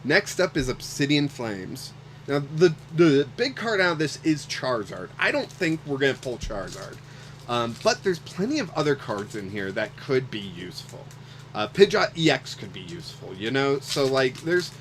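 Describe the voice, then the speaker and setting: Male streamer, 30s, relaxed unhurried delivery, chatty with fillers, low hum in the background. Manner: chatty, rambling with fillers, gets emotional then recovers. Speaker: card game streamer. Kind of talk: casual livestream chat while opening card packs.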